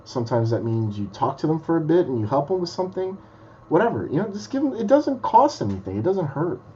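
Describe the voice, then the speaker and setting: A man's voice: on the high side, very animated, fast, dark tone, highs cut off, slight background noise. A man who is a magician, telling stories bluntly and swearing freely in a casual podcast chat. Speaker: guest magician.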